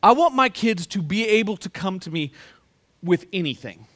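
A middle-aged pastor preaches with a high, bright, ringing voice. He tells stories and swings from hushed asides to loud punchlines. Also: normal speed. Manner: storytelling with lively swings between quiet asides and loud punchlines. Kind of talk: sermon.

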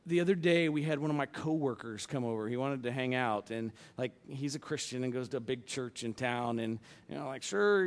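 A man in his thirties preaching a sermon as pastor, casual, blunt and joking, swinging from quiet asides to loud punchlines. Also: a little high.

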